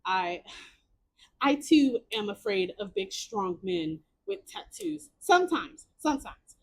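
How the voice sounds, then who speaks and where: Animated young woman reading a story game. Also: on the high side, slow, vocal fry. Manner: animated, exclamatory, repeats words. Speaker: streamer playing a story game. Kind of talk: reading a choice game aloud with reactions.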